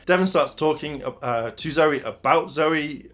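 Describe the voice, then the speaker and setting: A man's voice: a little high, unhurried, a bit bright. A man giving a casual, rambling episode review, full of fillers and restarts.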